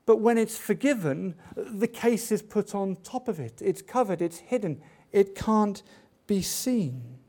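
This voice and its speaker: High-voiced man preaching a sermon. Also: lively intonation, unhurried, mellow. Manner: expository preaching, rhetorical questions, swells of emphasis.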